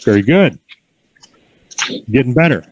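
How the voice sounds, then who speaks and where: A man giving calm, encouraging instructions in an outdoor horse corral, mixing in folksy stories. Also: medium pitch, a little slow, highs cut off, a little hiss or hum. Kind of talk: outdoor coaching with anecdotes.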